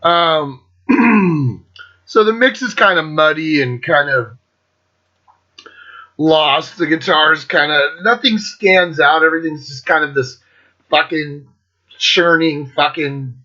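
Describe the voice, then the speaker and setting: A man hosting his own metal show, chatting casually and sarcastically with lots of swearing, clearing his throat now and then. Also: on the high side, slow pace, pauses often, sharp tone, muffled recording. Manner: profane, sarcastic, laughs often. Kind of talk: casual solo chat reviewing albums.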